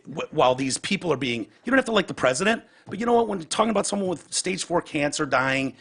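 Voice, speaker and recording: A man with a gravelly, husky voice hosts a podcast, talking in a heated, profane rant. His pitch swings widely as he acts out other people's words. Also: expressive, fast, fairly bright tone. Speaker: podcast host. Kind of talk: casual chat.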